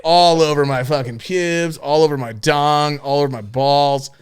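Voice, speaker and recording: A man's voice: on the high side, fairly even intonation, normal speed, clean tone. A young man hosting a podcast, telling a crude story in a casual, rambling way with lots of swearing and fillers. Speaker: podcast host.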